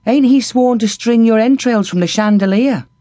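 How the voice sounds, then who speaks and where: A man's voice: very high voice, normal speed, mellow, dry recording, clean studio sound, voice pushed up. A man doing a glum, sickly young food taster.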